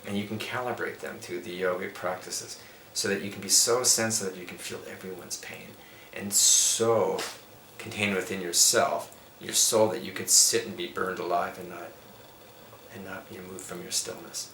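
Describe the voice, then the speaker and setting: A man's voice: low voice, steady tone, normal speed, bright, forceful tone. A middle-aged man, a yoga teacher, giving emphatic, preachy spiritual advice in an interview, laying out his points one by one. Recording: echoey room with faint background noise.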